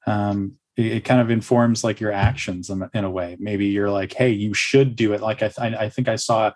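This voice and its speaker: A man hosting a casual conversation, talking in a halting, rambling way with many restarts and fillers. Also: on the low side, fairly even intonation, darkish tone.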